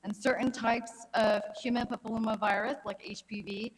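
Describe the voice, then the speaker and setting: Woman oncologist in her thirties, fairly high voice, friendly lecture with stories, long hall reverb. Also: fairly even intonation, moderate pace. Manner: friendly, anecdotal, conversational lecturing. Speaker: gynecologic oncologist giving a talk. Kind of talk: health conference presentation. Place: conference hall.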